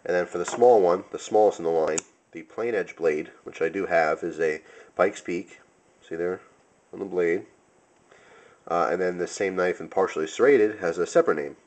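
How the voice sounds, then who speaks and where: Young male reviewer with a very low voice, loose and rambling, full of ums and restarts. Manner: rambling, many fillers and self-corrections. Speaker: knife reviewer. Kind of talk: casual product review.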